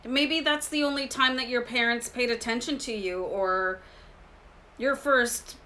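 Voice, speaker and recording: Bright-voiced woman chatting through a tarot reading. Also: a little high, unhurried, poor audio. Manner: chatty, confiding, addresses viewers as guys. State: slight throat irritation. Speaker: tarot reader. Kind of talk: casual tarot reading to camera.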